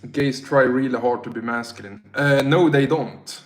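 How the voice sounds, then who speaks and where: A man's voice: medium pitch, normal speed, roomy sound. A tipsy man from Sweden with a Swedish accent, chatting casually on a livestream and reading out chat in a rambling, slangy, self-mocking way.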